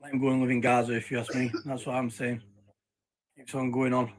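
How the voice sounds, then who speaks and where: Indignant man ranting, flat tone. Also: mid-range voice, a little fast, rough recording. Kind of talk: ranting opinion video.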